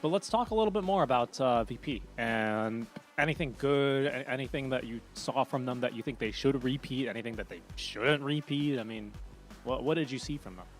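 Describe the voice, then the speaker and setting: A man's voice: medium pitch, brisk, faint music behind. A man hosting an esports broadcast desk, upbeat and chatty, steering the talk with questions.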